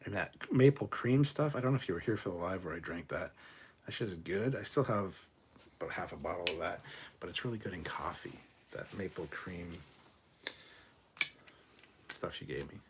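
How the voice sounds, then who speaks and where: Low-voiced man hosting a livestream. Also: expressive, moderate pace, pauses often, noisy background. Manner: loose, joking, thanking viewers by name. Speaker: livestream host. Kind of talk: casual live-stream chat, reading out donations.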